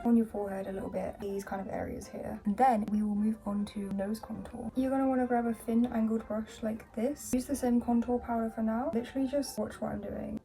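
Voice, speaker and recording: A woman's voice: fairly high pitch, fairly even intonation, fairly quick, creaky, few pauses, warm tone. A young woman giving a casual cosplay makeup tutorial in a chatty, playful way with jokey asides. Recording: music playing behind the voice.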